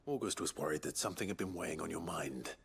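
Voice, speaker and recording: An actor playing a reserved, serious hero in a video game, speaking tersely and calmly. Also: male voice, a bass voice, gravelly, breathy edge, heavily acted. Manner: terse, measured, calm.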